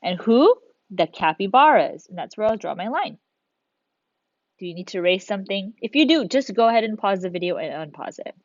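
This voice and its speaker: A woman's voice: medium pitch, expressive, fairly quick. A woman teacher recording a lesson for young students, guiding them step by step in an encouraging way. The room sound is dry and close, with no echo. The audio is a little dull, like a simple home recording. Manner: encouraging, talks students through each step. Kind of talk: recorded video lesson for children.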